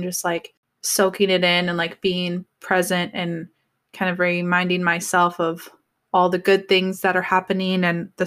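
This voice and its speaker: A young woman in casual chat, telling a story with lots of acted-out quotes. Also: fairly low pitch. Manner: animated storyteller acting out quotes.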